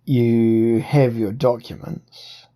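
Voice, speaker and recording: A man's voice: mid-range voice, drawn-out words. A man doing a pompous aristocrat officer. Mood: pompous, suspicious. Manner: calm, righteous and pompous. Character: haughty male aristocratic revolutionary officer.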